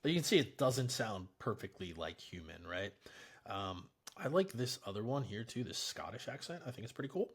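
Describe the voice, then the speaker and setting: A man giving a relaxed, chatty software tutorial, explaining each step in a screen recording. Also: lowish voice, normal speed, breathy edge.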